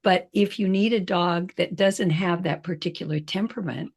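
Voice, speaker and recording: Woman, podcast host, husky tone, explains then asks questions. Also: fairly low pitch, moderate pace, darkish tone. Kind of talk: casual interview chat.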